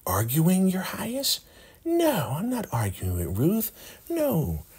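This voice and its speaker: Scared woman caught lying, high and flustered, put on by a man. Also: wildly swooping pitch, takes it slowly, darkish tone, breathy edge, heavily acted.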